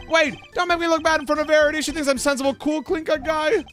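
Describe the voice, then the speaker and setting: Man putting on a whiny, excitable young artist guy. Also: very high-pitched, quick pace, soft background music, pitched above the performer's own voice. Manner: whiny, pleading, dramatic.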